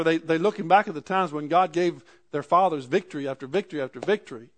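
A man's voice: fairly high pitch, quick pace, hardly any pauses. A man preaching a sermon, reading scripture aloud and explaining it in everyday words. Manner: reads scripture aloud and paraphrases it in plain speech.

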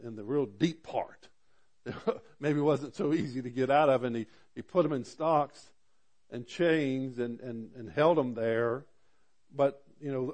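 A man preaching a sermon, reading scripture in a rising, loud voice and then dropping to quiet asides, with frequent repeated words and restarts. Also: mid-range voice. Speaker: pastor.

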